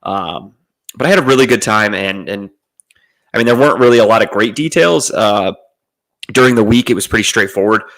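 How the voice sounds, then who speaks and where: A man's voice: lowish voice, expressive, a little fast, a bit bright, low-quality recording. A young adult man from the United States telling a rambling, profane travel story in a laid-back way. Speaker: podcast host. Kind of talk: casual storytelling monologue.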